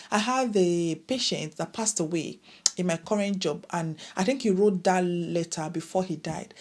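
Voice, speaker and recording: A woman's voice: mid-range voice, a little mellow. A woman, chatting casually to camera in a vlog and laughing often. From Nigeria. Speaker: vlogger.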